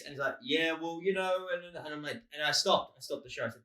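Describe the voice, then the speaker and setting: Australian male comic co-host, rambling storyteller, bright voice. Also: on the high side, fast talker, few pauses. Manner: rambling, storytelling with acted-out quotes. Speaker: comedian podcast co-host. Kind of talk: casual chat. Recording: roomy echo.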